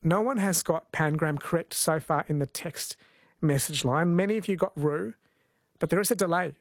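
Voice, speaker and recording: A man's voice: fairly high pitch, normal speed, no room sound. A man hosting a talkback radio quiz, chatty and self-correcting as he bantered with callers. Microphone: studio microphone.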